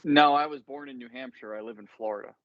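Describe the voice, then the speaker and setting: A man in his thirties hosting a casual chat on a video call, relaxed and agreeable, swearing casually. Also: mid-range voice, fast talker, no echo. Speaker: podcast host. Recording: dull dry video call audio.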